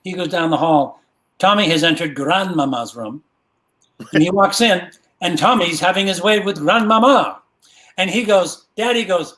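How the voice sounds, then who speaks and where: Animated man telling a crude joke. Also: high voice, moderate pace. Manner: animated, shouts the punchy quotes.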